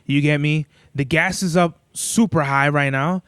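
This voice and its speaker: Smooth-voiced young man rambling casually. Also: fairly high pitch, steady tone, measured pace, a bit bright, no echo, clean studio sound. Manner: rambling, profane, laid-back storytelling. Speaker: podcast host. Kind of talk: casual solo podcast monologue.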